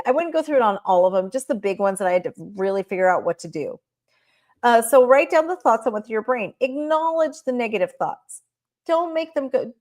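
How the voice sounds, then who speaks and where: A woman's voice: on the high side, a little mellow. A woman presenting a workplace training talk, guiding listeners step by step through questions and often checking in with "right?". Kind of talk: presentation on managing staff. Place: recorded talk shared online.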